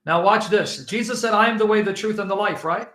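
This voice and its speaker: A man's voice: sits high, a little fast, a bit bright, echoey room. A man debating religion with a listener, emphatic and insistent, pressing his points and quoting scripture with rising force. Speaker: Christian apologist.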